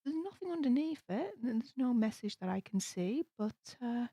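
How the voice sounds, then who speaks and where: A British woman hosting a live stream at night, talking low and quietly but bubbly and gushing. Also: big pitch swings, moderate pace, breathy edge, dry recording, studio quality. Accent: British English. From United Kingdom. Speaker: livestream host. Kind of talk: casual live-stream chat, hushed. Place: home room at night.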